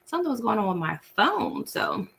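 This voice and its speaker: A woman hosting a casual livestream talks briskly with huge pitch swings in a medium, creaky, fairly bright voice. She's from the US East Coast and has the accent, and she eats dinner, chewing as she chats and laughs with viewers over a laptop mic.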